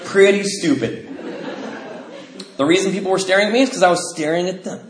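A man sharing his story with a group, animated and laughing often, jumping high in pitch when he acts out other people. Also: a little fast, roomy sound, noisy background.

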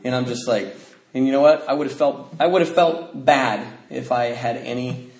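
A man's voice: medium pitch, normal speed, a little mellow. A man telling a personal recovery story at a meeting, rambling with restarts and acting out other people's lines. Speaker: speaker sharing a recovery story. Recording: roomy echo, faint noise.

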